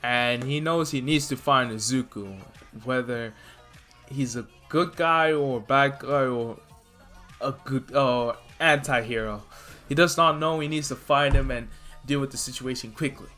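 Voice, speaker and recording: A man's voice: mid-range voice, a little slow, sharp tone, soft background music. A man casually narrating a made-up fan story, rambling along with lots of "you know" fillers.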